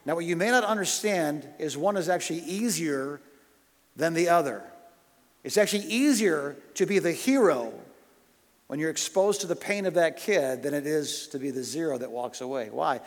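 A man preaching with passion, his slightly high voice carrying a long reverb as if in a big hall. He moves between loud rhetorical questions and quiet confessional stories. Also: lively intonation, moderate pace. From United States. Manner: impassioned, swinging from loud urgent questions to hushed storytelling. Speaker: pastor. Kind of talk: sermon.

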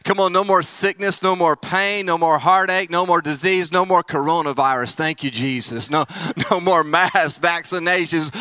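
A man preaching an energetic, playful sermon at a camp meeting, swinging from excited calls to the crowd to hushed, earnest reflection. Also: sits high, normal speed, hardly any pauses, clean tone, dry recording.

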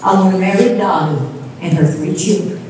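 A woman's voice: medium pitch, brisk, darkish tone, a little hiss or hum. A woman preaching a sermon, telling stories and rising into sung emphasis at times. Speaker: pastor's wife preaching. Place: church sanctuary. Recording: echoey room from a distance.

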